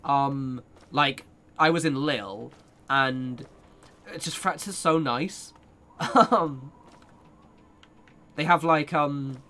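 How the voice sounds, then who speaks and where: A young British streamer with a bright, forceful voice on the high side chats casually with viewers while gaming. He rambles, laughs, and swears as he plays.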